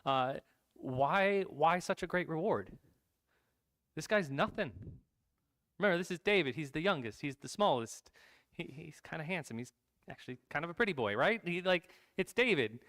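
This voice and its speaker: A male pastor preaching a sermon, retelling a Bible story in a lively, casual way with asides to the congregation. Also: a little high, moderate pace, no room sound.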